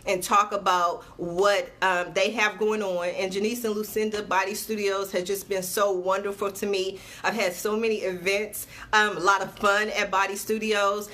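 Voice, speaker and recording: A woman's voice: mid-range voice, level tone, normal speed, few pauses, bright, forceful tone. A woman who runs a small TV network, chatting casually to viewers on a livestream; upbeat, she repeats dates for emphasis and is sweating a little. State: sweating, patting herself dry. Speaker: TV network CEO. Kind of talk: casual Facebook Live talk to viewers.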